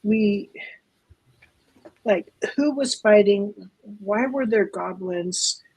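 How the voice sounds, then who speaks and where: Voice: medium pitch, extremely slow, a little mellow, breathy edge, dry recording, low-quality recording. A tabletop game player thinking aloud earnestly about what to do next.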